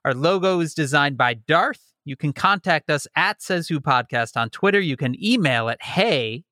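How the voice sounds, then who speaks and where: A man's voice: a little high, expressive, sharp tone, no room sound. A man co-hosting a podcast from his basement, chatting casually and reeling off plugs with dry humor. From Chicago. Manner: wry, rattles off plugs quickly. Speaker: podcast co-host. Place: home basement.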